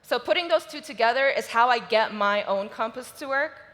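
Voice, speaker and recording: A woman's voice: a little high, expressive, moderate pace, a bit bright. A woman giving a motivational stage talk at a conference, telling a personal story with open emotion. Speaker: conference speaker. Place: large conference hall stage. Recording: reverberant conference hall.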